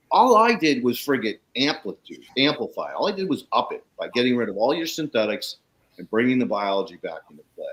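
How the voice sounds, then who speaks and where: A man's voice: medium pitch, low-quality recording. A man who works on soil and landscapes, guest on a talk show, telling a story casually with swearing and acted-out voices. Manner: animated, profane, acts out the people he quotes.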